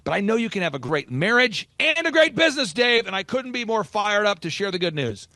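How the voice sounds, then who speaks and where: A man hosting a business coaching podcast, telling stories in an animated, emphatic way. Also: high voice, dry recording, studio quality. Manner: animated storytelling, quick and emphatic. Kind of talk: energetic casual podcast talk.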